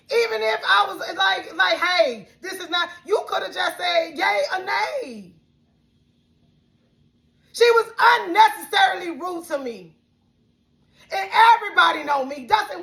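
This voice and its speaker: A woman with a Southern accent, high-pitched and bright, rants in an outspoken, heated way with a lot of cursing. Her voice swings between shouting and near tears as she vents to the camera. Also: vocal fry. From Alabama. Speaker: vlogger. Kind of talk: emotional venting rant.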